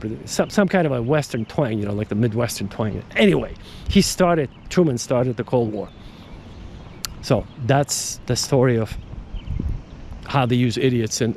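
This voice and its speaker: A man's voice: medium pitch, a little mellow, slight background noise. A man hosting a podcast, talking in a casual, digressive monologue that repeats words and restarts sentences. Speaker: podcast host.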